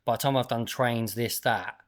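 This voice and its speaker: A man hosting a podcast, chatting casually and telling lively anecdotes. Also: mid-range voice, normal speed. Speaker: podcast host and barbecue shop owner.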